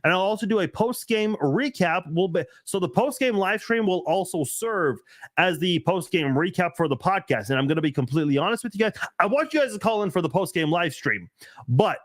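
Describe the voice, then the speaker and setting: A young man hosts a casual live chat and answers viewer comments as they come in. He talks in a loose, rambling way and pokes fun at himself, his voice sitting a bit high for a man. The sound is dry and close, with almost no room around it. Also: animated, a little fast, dry recording. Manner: chatty and rambling, self-mocking. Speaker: live stream host.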